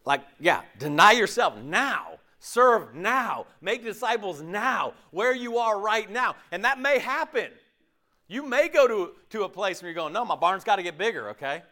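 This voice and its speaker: A man's voice: high-pitched, big pitch swings, a little slow, bright, forceful tone. A pastor preaching a conversational sermon, acting out quoted voices as he goes.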